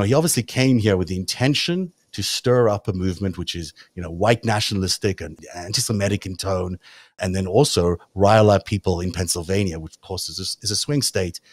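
South African man hosting, low dry voice. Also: dry recording. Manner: relaxed and chatty, leans on "you know" fillers. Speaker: host. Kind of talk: casual talk-show chat.

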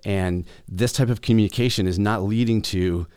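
A man's voice: on the low side, moderate pace, a little mellow, smooth, no room sound, studio quality. A man hosting a solo business podcast, talking casually and reading his own email aloud. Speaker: podcast host.

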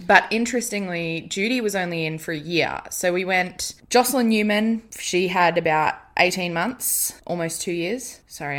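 A woman's voice: on the low side, a bit bright. A woman with an Australian accent co-hosting a casual podcast, reading from notes and adding blunt, sweary asides. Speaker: podcast co-host. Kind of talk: casual chat.

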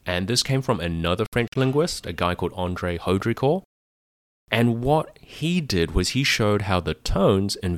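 Low-voiced man explaining patiently. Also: no room sound. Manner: explains patiently, spells out words, demonstrates sounds. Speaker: podcast host. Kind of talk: conversational explainer monologue.

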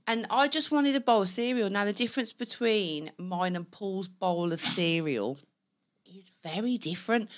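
A woman's voice: medium pitch, animated, normal speed. A woman co-hosting a podcast, chatting frankly and casually and swearing freely. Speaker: podcast co-host. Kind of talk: casual banter.

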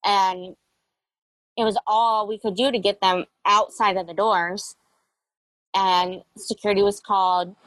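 A woman's voice: mid-range voice, steady tone, a little slow, a bit bright, dry recording, poor audio. Young woman guest, candid storyteller, reflective, dry close mic. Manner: candid, reflective, with frequent fillers. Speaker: interview guest. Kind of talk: personal storytelling interview.

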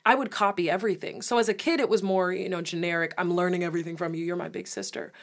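Young woman, casual podcast chat, expressive, candid, curses now and then. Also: fairly low pitch, quick pace.

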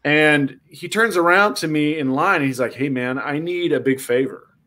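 A man's voice: a little high, normal speed. A man telling a funny story in casual chat, acting out voices and reactions. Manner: animated, acts out voices in quotes.

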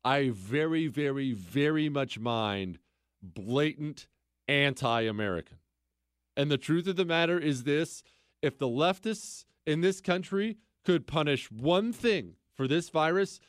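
In an unhurried way, a male talk radio host riffs sarcastically on politics, repeating things mockingly and swinging into animated, incredulous high outbursts. It's studio quality with no echo.

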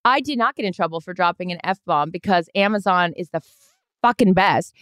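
A woman's voice: lowish voice, normal speed, fairly bright tone, smooth, dry recording. A woman co-hosting a podcast in casual chat, joking and rambling and swearing freely. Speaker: podcast co-host.

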